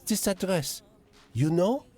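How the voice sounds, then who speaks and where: A man voicing a hopeful young French woman with a thick French accent, in a high falsetto while reading a game aloud. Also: animated, slow, warm tone, full character voice. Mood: pleading.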